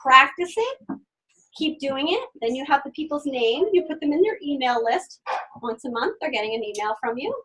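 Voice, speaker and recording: A woman giving an energetic sales training talk, acting out customer conversations and repeating words for emphasis. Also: high-pitched, normal speed. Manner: energetic, acts out customer dialogues. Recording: voice from a distant mic.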